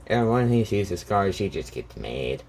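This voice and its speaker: A man's voice: sits low, sing-song, moderate pace, darkish tone, slight background noise. A young man casually retelling a fan story, rambling with restarts and "she goes like".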